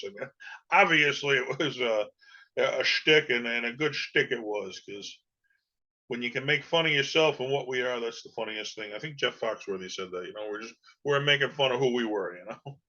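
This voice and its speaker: A man's voice: mid-range voice, normal speed, bright, forceful tone, highs cut off. A man from New England hosting a podcast, talking casually and rambling with many fillers. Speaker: podcast host. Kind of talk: casual solo podcast talk.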